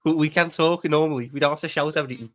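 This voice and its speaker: A man's voice: on the high side, very fast. A man with a Scouse accent, a guest on a football chat, stammering through a mock-lawyerly defence. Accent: Liverpool Scouse. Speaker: guest pundit. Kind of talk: casual football debate.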